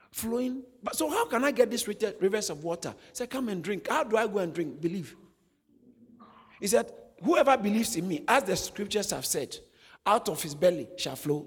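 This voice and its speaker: A man's voice: high voice, breathy edge. A man preaching a sermon, asking rhetorical questions and joking with his listeners. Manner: animated, rhetorical questions, laughs at own jokes. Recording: long hall reverb.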